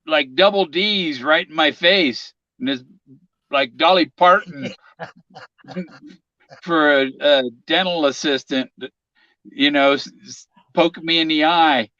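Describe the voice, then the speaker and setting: A man's voice: fairly high pitch, takes it slowly, pauses often, sharp tone, no echo. A man in casual chat, joking and giggling often. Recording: dull, dry lo-fi sound.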